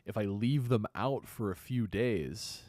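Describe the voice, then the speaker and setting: A man's voice: lowish voice, measured pace, darkish tone, no echo, studio quality. A man co-hosting a live stream who reads out viewer questions and chats, with frequent uh and um. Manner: hesitant, lots of uh and um. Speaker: co-host reading viewer questions.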